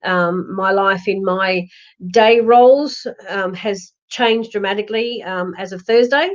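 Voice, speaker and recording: A psychic medium with a mid-range voice and measured pace gives live-streamed readings from home while in lockdown. She reassures her viewers in a rambling way, full of fillers and restarts, over dull lo-fi audio.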